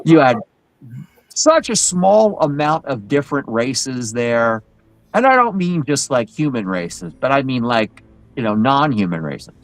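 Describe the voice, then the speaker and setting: A man chatting casually on a live show as a guest in Krampus costume, telling animated stories with many restarts. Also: mid-range voice, measured pace, no room sound, poor audio. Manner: animated, acts out quoted voices, many restarts.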